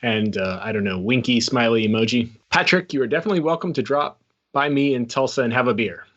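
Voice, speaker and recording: A man's voice: medium pitch, fast, a bit bright. A man co-hosting a podcast, reading a listener email in a hesitant, wry, casual way. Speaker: podcast co-host. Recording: dull, lo-fi.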